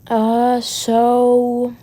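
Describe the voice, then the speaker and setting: Slow, rambling young-sounding woman storyteller. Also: on the high side, completely flat delivery, dark tone. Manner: rambling, full of fillers and restarts; swears freely. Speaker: fan storyteller. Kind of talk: improvised casual storytelling.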